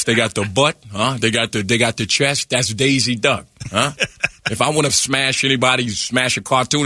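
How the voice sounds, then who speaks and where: A smooth-talking celebrity drawls punchlines and needles the room with a cocky "huh?", as a male comedian puts him on. The voice is bright and husky and sits close and dry, with little room around it. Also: mid-range voice, no echo. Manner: drawling, keeps tagging lines with a teasing "huh?". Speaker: comedian guest. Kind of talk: comic celebrity impression on morning radio.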